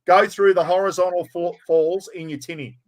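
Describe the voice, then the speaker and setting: Australian man, casual, laid-back, slightly higher voice, podcast host. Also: steady tone, moderate pace, over a noisy crowd. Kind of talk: casual chat.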